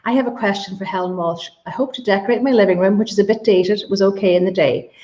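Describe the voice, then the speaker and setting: A woman's voice: mid-range voice, fairly even intonation, fast talker, warm tone. A woman with a Donegal accent hosting a live-streamed interview, enthusiastic and effusive as she reads out viewer questions. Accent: Irish, Donegal. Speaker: host. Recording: echoey room, dull lo-fi sound.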